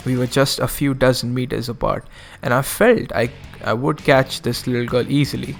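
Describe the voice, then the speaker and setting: A man's voice: medium pitch, steady tone, moderate pace, vocal fry, faint music behind. A man streaming, reading a visual novel aloud and breaking off for casual asides. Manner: casual asides, self-correcting.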